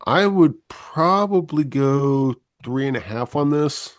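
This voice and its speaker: A man reviewing films on a casual podcast, talking in a low, monotone, laid-back way. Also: slow pace, dry recording, clean studio sound. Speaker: film reviewer, co-host.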